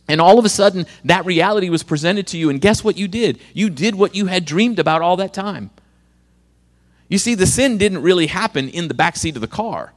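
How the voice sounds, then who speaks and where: A middle-aged man preaches to a room of students in a slightly high voice. He speaks with earnest directness and slips in dry, sarcastic asides. The sound rings with the long reverb of a large hall. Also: animated, brisk. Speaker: youth pastor and guest speaker. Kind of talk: sermon to students. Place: school auditorium or chapel.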